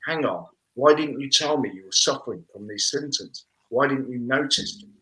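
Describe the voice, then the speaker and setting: A man's voice: medium pitch, lively intonation, moderate pace, sharp tone, poor audio. A man on a video-call business chat, talking earnestly in a speechmaking way with frequent restarts. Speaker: panellist on a business chat show. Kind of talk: casual panel discussion.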